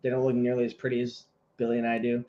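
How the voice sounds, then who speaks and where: A man's voice: mid-range voice, completely flat delivery, fast talker, mellow, lo-fi sound. A man co-hosting a casual podcast, telling stories in a rambling, profane way. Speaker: podcast co-host. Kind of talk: casual chat.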